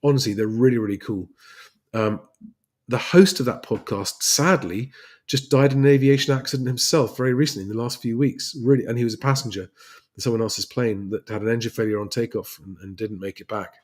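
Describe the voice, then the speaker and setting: A man's voice: mid-range voice, a little fast. An English man hosting a casual livestream, chatting loosely with plenty of fillers and restarts as he answers viewer questions. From England. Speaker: livestream host and private pilot.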